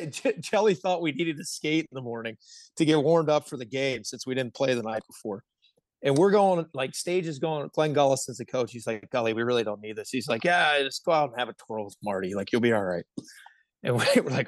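A man in his thirties from the Pittsburgh area, a hockey player telling animated stories as a podcast guest, laughing often and swearing freely. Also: medium pitch, brisk, dry recording. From Pittsburgh area, United States. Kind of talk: casual podcast storytelling.

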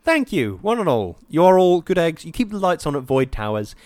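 A man co-hosting a podcast in easygoing casual chat, quick to laugh. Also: a little high, sing-song, darkish tone, no echo. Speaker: podcast co-host.

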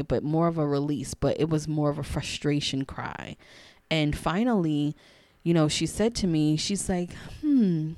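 A woman hosting a podcast, telling a personal story in a candid, chatty way and acting out the dialogue, sometimes in a hushed voice. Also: deep voice, no room sound. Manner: expressive, acts out dialogue in a hushed voice. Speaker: podcast host.

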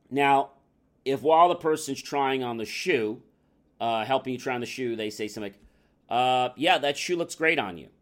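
A man's voice: medium pitch, a bit bright. A male talk show host giving sales advice in a conversational, explaining manner. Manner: conversational, explaining, uses fillers. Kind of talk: advice talk with acted-out examples.

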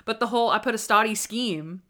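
A woman's voice: on the high side, brisk, sharp tone. A young woman co-hosting a casual chat, talking enthusiastically and acting out scenes. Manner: chatty, enthusiastic, acts out scenes in quotes. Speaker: podcast co-host reviewing a TV episode.

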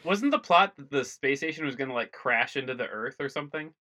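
A man's voice: medium pitch, animated, brisk, sharp tone. A man on a podcast panel, asking questions and teasing others in casual chat.

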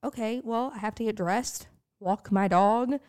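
A woman's voice: a little high, measured pace, a little mellow, clean tone. A young woman co-hosting a podcast in casual chat, rambling and self-mocking, swearing freely. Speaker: podcast co-host.

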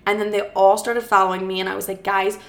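A young woman telling a personal story in a casual, animated way. She swears freely and acts out what each person said. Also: medium pitch, fast talker.

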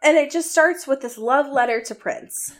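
A woman's voice: high-pitched, moderate pace, fairly bright tone. A young woman co-hosting a podcast, recapping a book in a casual, sarcastic way with lots of "um" and "like" and some swearing. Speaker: podcast co-host.

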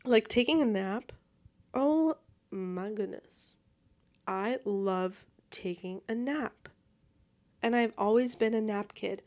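A woman's voice: medium pitch, slow, pauses often, darkish tone. A young woman hosting a solo podcast, chatting in a bubbly, rambling and casual way while lying in bed at home. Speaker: podcast host.

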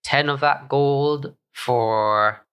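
A man playing a tabletop game, haggling slowly and deliberately with the game master. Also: mid-range voice, a bit bright, smooth. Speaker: player.

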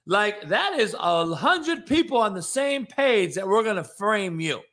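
A man's voice: high-pitched, sing-song, a little slow. A man hosting a sports talk show, ranting in a profane, combative and mocking way. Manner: profane, combative, mocking, swings from loud to hushed. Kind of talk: sports opinion rant.

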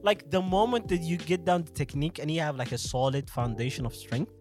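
A man's voice: a little high, a little fast, over music. A man in his twenties chatting casually on a podcast, laughing and swearing. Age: 20s. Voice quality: laughing, profane banter. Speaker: podcast host. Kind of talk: casual chat.

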